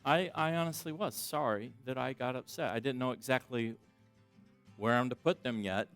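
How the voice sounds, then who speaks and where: A middle-aged man giving a sermon as a pastor, talking in a conversational, self-deprecating way that swings between loud emphasis and quiet asides. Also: medium pitch, moderate pace, clean tone, faint music behind. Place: church sanctuary.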